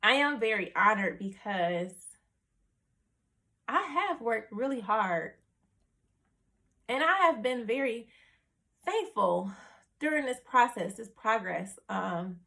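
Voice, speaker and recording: Young woman vlogger, higher pitch, loose chatty storytelling with lots of filler words. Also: slow, gravelly, long pauses. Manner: animated, acts out her family's reactions; chatty, many fillers like "like" and "you know". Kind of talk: casual personal storytelling.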